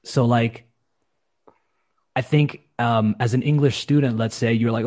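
A man's voice: mid-range voice, measured pace, pauses often. A man, an English teacher, chatting casually on a podcast and acting out quoted speech. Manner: animated, acts out quoted speech with shifting voices. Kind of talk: casual conversation.

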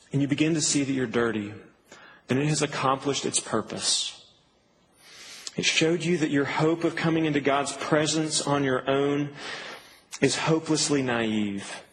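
Male pastor, high voice, earnest sermon delivery, faint hiss in a reverberant hall. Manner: earnest preaching, rising to emphatic peaks.

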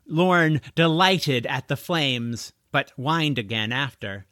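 A man reading a children's novel aloud as its narrator, in expressive storytelling. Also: medium pitch, takes it slowly, no echo, studio quality. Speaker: audiobook narrator. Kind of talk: scripted narration.

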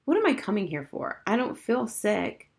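A woman's voice: mid-range voice, sing-song, moderate pace, vocal fry, voice pushed up. A woman reading aloud and voicing a blunt, defiant eleven-year-old girl in a storybook. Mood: sulky. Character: spy-minded sulky 11-year-old girl.

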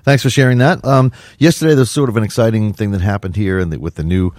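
A man hosting a radio interview, quick and stumbling over restarts. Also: fairly low pitch, darkish tone, dry recording, clean studio sound. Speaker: host.

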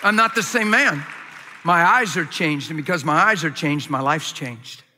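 Animated preaching man in a reverberant hall. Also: fairly high pitch, normal speed, some chatter behind, slight background noise. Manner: animated storytelling with acted-out quotes. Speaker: pastor. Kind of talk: sermon.

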